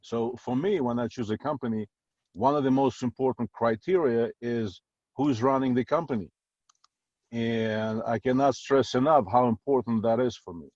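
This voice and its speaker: The voice is a man's, mid-range and darkish, at a moderate pace. He's a middle-aged guest from Uzbekistan on a video call, making casual conversation in simple language with a slightly non-native turn of phrase, heard through dry, dull, lo-fi call audio.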